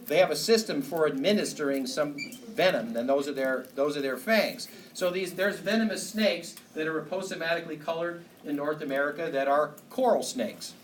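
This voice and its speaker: A man lecturing a university biology class, joking and asking the students questions. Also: fairly high pitch. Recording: echoey hall from far off, noisy.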